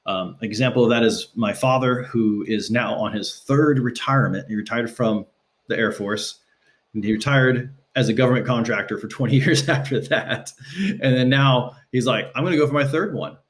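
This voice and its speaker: A man speaking as a guest on a podcast, telling stories casually and acting out quotes with shifting pitch. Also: moderate pace. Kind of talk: casual conversational storytelling. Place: Los Angeles.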